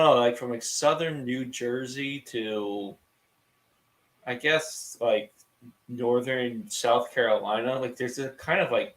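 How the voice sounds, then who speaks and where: A young man from the US East Coast hosting a podcast, chatting casually and saying "like" a lot. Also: mid-range voice. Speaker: podcast host. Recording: roomy echo.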